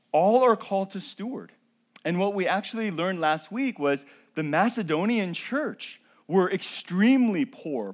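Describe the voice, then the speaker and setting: A male pastor giving a sermon in a conversational way, checking in with the congregation with "okay?" and "right?", and building to emphatic, drawn-out peaks. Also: high voice.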